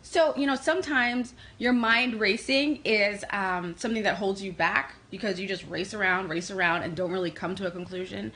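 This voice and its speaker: A woman from New York with a New York accent, hosting a casual tarot livestream and answering comments in a quick, energetic way. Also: mid-range voice, poor audio. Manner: fast-talking, energetic, reads comments aloud. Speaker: livestream host doing tarot readings.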